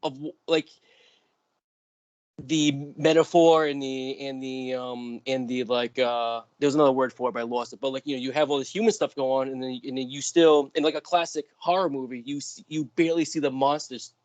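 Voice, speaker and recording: A man's voice: mid-range voice, a little fast, no echo. A man in his thirties co-hosting a casual podcast, eager and restless, tumbling through his words with fillers. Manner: excitable, restless, lots of fillers. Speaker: podcast co-host. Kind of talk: casual chat.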